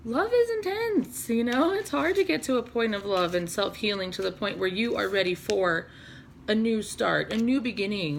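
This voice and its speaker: A woman's voice: medium pitch, creaky, a little hiss or hum. A woman doing a casual, chatty tarot reading, laughing often and swearing casually. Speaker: tarot reader.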